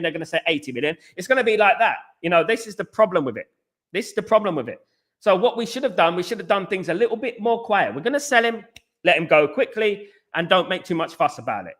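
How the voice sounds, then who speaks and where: A man's voice: high-pitched, fairly bright tone. A man hosting a football fan live stream, answering chat and ranting with strong opinions, often repeating himself. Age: adult. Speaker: football fan channel host.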